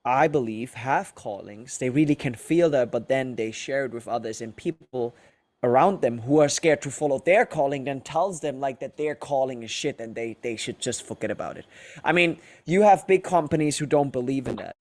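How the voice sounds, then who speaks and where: A man's voice: mid-range voice, normal speed, darkish tone. Earnest male podcast host. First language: German. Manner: earnest, searching, heavy use of filler words. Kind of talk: casual interview on a call.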